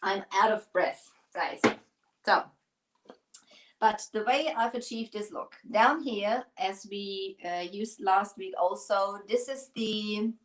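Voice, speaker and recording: A woman with a German accent talks her viewers through a live craft project. Her pitch sits mid-range, and she chats loosely and warmly, pokes fun at herself and keeps going as she works. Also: rough recording. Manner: chatty, rambling, self-deprecating. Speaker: craft stream host.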